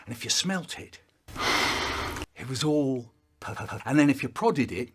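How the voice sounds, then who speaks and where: Animated man telling a story. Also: mid-range voice, normal speed, background noise. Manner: animated, playful, with stuttered sound effects. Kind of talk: comic childhood storytelling.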